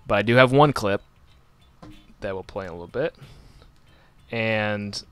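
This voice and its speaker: A man's voice: fairly low pitch, a little slow, fairly bright tone, clear, resonant tone, soft background music. A man hosting a casual radio talk show, rambling and joking with many restarts. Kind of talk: casual chat.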